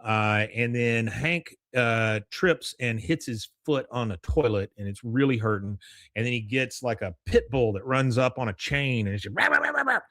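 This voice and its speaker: A man hosts a podcast and recaps an episode in a loose, rambling way, full of fillers and chuckles. His voice sits in an ordinary middle pitch, recorded dry and close. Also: normal speed, a bit bright, dry recording. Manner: rambling, with frequent fillers and laughs. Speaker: podcast host.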